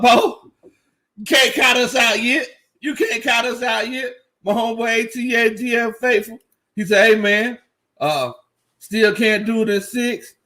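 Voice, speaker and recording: A man hosting a casual live fan reaction stream, excited, laughing often and reading out chat comments. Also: very high-pitched. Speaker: sports fan livestream host.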